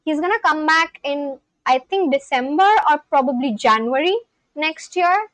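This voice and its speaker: High-voiced woman chatting on a live stream. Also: animated, normal speed, fairly bright tone, dry recording, poor audio. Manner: chatty, reads and answers chat. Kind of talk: casual live-stream chat.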